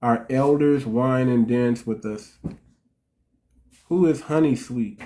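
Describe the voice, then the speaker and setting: A man's voice: mid-range voice, takes it slowly, mellow. A man in the middle of the usual range for a man's voice hosts a casual livestream as a relationship coach. He speaks bluntly and to the point, stumbling and restarting his sentences and repeating words as he goes. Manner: direct, repetitive, restarts sentences.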